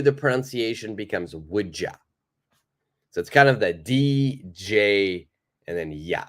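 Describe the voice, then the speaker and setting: A man's voice: fairly low pitch, animated, measured pace. A man teaching a live online English lesson, patiently repeating and praising viewers' answers.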